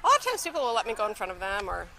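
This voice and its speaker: A woman's voice: mid-range voice, huge pitch swings, rapid-fire, slight background noise, poor audio. A woman, an art car owner, explaining her car in a matter-of-fact, slightly hesitant way outdoors. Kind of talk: casual interview outdoors. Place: outdoors at a street parade. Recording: outdoor interview with loud music behind.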